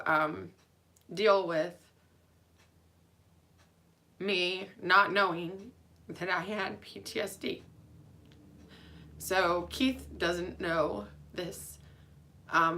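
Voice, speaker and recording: A woman's voice: lowish voice, sharp tone. A young adult woman, a nurse, speaking candidly and emotionally in a rambling personal vlog, with frequent fillers. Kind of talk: personal vlog to friends and family.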